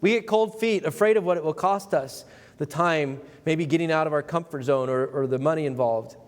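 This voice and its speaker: A fairly high-voiced man preaching to his congregation. He is emphatic and conversational, slipping into playful voices for quotes, and his words carry a long reverb through the church sanctuary. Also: fairly quick. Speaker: pastor. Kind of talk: sermon.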